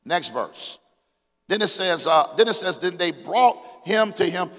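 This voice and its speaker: A man in his forties preaching a sermon as pastor, calling out to the congregation, swinging between loud exclamations and quiet scripture reading. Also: high-pitched, expressive, a little slow. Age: 40s. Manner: call-and-response preaching, rises to shouts, reads scripture aloud. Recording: long hall reverb.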